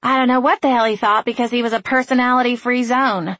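A woman voicing a sarcastic, stubborn young woman who talks in a sharp, sardonic way. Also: a little high, steady tone, no room sound, voice pushed up, natural voice. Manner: sharp, sardonic, quick to snap.

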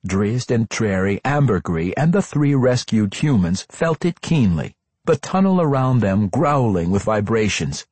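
A man narrating a fantasy audiobook in an expressive, dramatic reading with character voices. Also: on the low side, a little slow, breathy edge, no room sound.

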